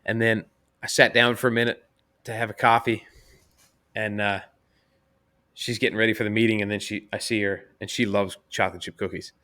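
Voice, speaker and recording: A man co-hosting a casual chat, swapping crude stories and laughing at his own pranks. His voice sits low but has a bright, forceful edge. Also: level tone, brisk, pauses often. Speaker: podcast co-host.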